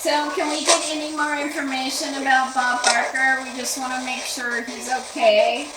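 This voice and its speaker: A woman's voice: sits high, level tone, moderate pace. A woman leading a spirit box session as a paranormal investigator, asking short questions and repeating back what the device seems to say. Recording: roomy, distant, loud static hiss.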